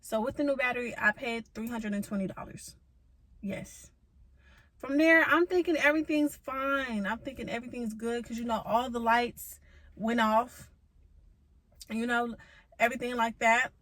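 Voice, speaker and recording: A woman's voice: a little high, normal speed, a bit bright, no echo, poor audio. A young woman telling a car-trouble story in a vlog, venting with profanity and emphatic rhetorical asides. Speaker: vlogger.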